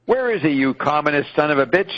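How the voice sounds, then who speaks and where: A man's voice: lively intonation, fast, dull audio. A man voicing a brutal, vicious male federal agent who threatens a prisoner, in a raised, taunting voice. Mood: threatening. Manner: menacing, taunting, raised pitch.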